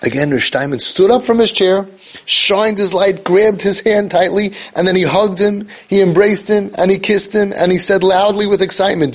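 A man with a high-pitched voice speaks at a moderate pace, delivering an inspirational speech about parenting and faith. He tells a story emphatically, repeats key phrases for effect, and uses Hebrew and Yiddish terms here and there.

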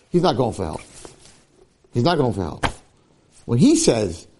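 A man's voice: animated, normal speed, long pauses, a little mellow, breathy edge. A man, a rabbi giving a Torah class, who acts out quoted dialogue, mixes in Hebrew and Yiddish terms and often repeats words as he restarts. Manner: acts out quoted dialogue with sudden jumps in pitch; peppers his talk with Hebrew and Yiddish terms. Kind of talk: animated Torah lecture.

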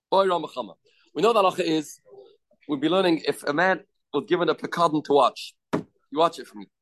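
A man's voice: a little high, slight background noise. A man teaching a daily Talmud class, explaining step by step, putting questions and answering them himself. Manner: mixes English with Hebrew and Aramaic terms.

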